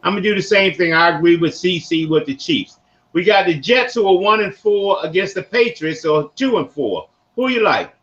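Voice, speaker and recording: Older Baltimore man, high voice. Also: normal speed. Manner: rambling, animated storytelling with slang. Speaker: podcast host. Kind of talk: casual sports talk. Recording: dull lo-fi recording.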